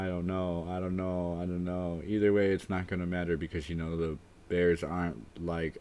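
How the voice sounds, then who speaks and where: A man's voice: sits low, steady tone, brisk, darkish tone. A man hosting a casual livestream, tired and dry-mouthed from the heat, rambling as he reads chat aloud and trails off unsure. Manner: rambling and self-deprecating, trailing off with "I don't know". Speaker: livestream host.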